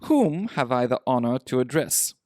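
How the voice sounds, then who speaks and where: A shrewd, cool-headed male detective with a dry wit and a brisk, crisp way of speaking, as a male reader puts him on. He sounds lifted a little above an ordinary speaking pitch. The recording is close and dry, with no room sound. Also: big pitch swings, darkish tone, no room sound, lightly acted.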